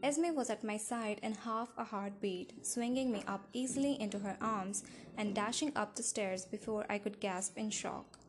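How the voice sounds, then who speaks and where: A woman reading a novel aloud with steady, even narration. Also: mid-range voice, normal speed, slight background noise. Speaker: audiobook narrator. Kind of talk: scripted narration.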